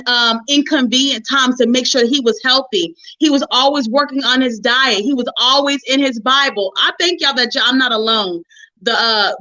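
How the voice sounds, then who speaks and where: A middle-aged woman hosts a relationship call, talking in a lively, preachy testimony style and calling her listeners honey and sis. Her voice is high and bright. The sound is dull and lo-fi, like a call line. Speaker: host of a relationship forum.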